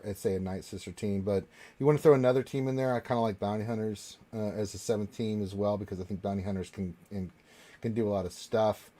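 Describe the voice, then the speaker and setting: Laid-back man hosting a live Q&A. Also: lowish voice. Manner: relaxed, rambling, many fillers and restarts. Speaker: panel host reading viewer questions. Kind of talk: casual live Q&A chat.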